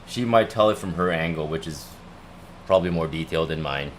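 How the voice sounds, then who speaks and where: A man's voice: rumbling low, fairly quick, a little hiss or hum. A young man casually telling a rambling story to his livestream viewers, repeating himself as he goes. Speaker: livestream host.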